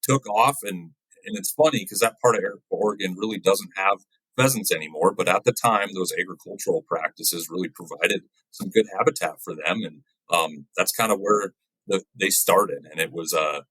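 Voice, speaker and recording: A man with a low, husky voice answers questions as a podcast guest, explaining his work in an easygoing, conversational way. His sound is dry and close, with no room around it, and he often checks in with a quick "right?". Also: dry recording, rough recording. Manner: relaxed, often ends points with "right?". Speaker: guest, wildlife biologist. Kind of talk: casual interview chat.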